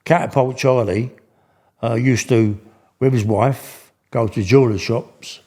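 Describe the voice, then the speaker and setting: An older man tells a story in loose, slangy speech, restarting his sentences often. His voice sits at an ordinary middle pitch. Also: fairly even intonation, unhurried, darkish tone. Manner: rambling, slangy, full of restarts. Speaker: guest. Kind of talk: casual storytelling.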